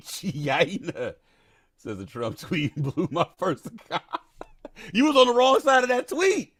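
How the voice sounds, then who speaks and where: A man in his thirties hosting a casual livestream, animated, laughing often and reading chat aloud. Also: on the high side, takes it slowly, husky, no echo, clean studio sound. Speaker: livestream host.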